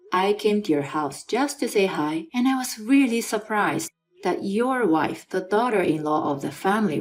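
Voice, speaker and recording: A woman's voice: medium pitch, natural voice. A woman voicing a stern middle-aged aunt who scolds her nephew firmly. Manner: firm, scolding.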